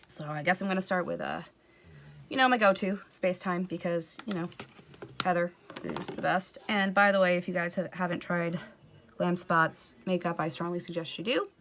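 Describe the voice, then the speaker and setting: A woman's voice: lowish voice, normal speed, slight background noise. A woman doing a casual, comedic makeup tutorial, swearing freely, mocking herself and often dropping into a whisper. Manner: profane, self-mocking. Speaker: makeup vlogger.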